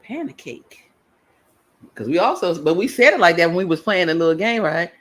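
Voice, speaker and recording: A woman's voice: on the low side, animated, fast. A woman co-hosting a casual live chat, teasing and playfully repeating words. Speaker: livestream co-host.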